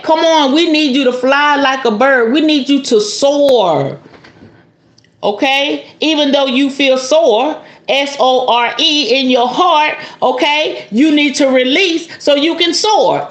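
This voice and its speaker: Woman tarot reader, high-ish voice, casual and animated, preaching tone, echoey room. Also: takes it slowly. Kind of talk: spiritual tarot reading.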